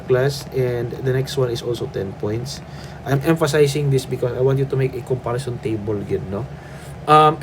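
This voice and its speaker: A man's voice: medium pitch, darkish tone, a little hiss or hum. Firm Filipino man lecturing a class. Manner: firm, tags lines with "okay?" and "no?"; mixes English with Cebuano. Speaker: nursing instructor.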